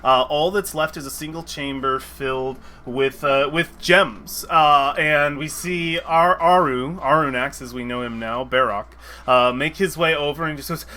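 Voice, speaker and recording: A man narrating as game master of a tabletop game, halting and restarting often. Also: on the high side, pushed and bright.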